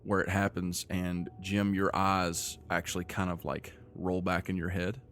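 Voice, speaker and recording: A man narrating as game master of a tabletop game, describing scenes in a measured way with frequent restarts. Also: low-pitched, monotone, a bit bright, a little hiss or hum.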